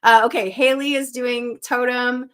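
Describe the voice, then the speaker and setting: A young woman hosts a live stream in a chatty, upbeat way, calling out viewers' guesses as they come in. Her voice sits a little high and sounds sharp and bright. She is from Western Canada. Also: steady tone, a little slow, smooth. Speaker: live-stream puzzle host. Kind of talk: casual live-stream chat.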